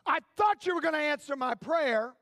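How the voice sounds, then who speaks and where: A man's voice: very high voice, lively intonation, normal speed, fairly bright tone, no echo, studio quality. A preacher acting out an incredulous blind man. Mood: complaining. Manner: incredulous, complaining, comic exasperation. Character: eager blind man awaiting healing, adult male. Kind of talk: sermon storytelling in character.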